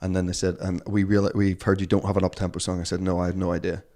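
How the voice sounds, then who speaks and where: A man's voice: low voice, level tone, very fast, darkish tone. A man in his forties with a Northern Irish accent, a guest telling rambling, self-deprecating stories in a casual interview. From Northern Ireland.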